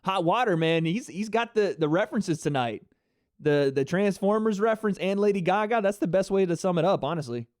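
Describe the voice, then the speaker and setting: A man hosting a live fight reaction stream, excitable and chatty, talking to his chat viewers. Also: high-pitched, brisk, no echo, clean studio sound. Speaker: livestream host.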